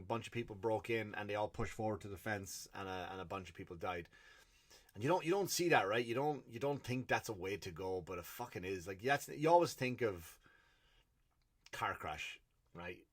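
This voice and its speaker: Speaking at a moderate pace in a lowish voice, this man from Ireland has an Irish accent. He's a comedian on his own podcast, launching into a profanity-laden, blunt rant alone.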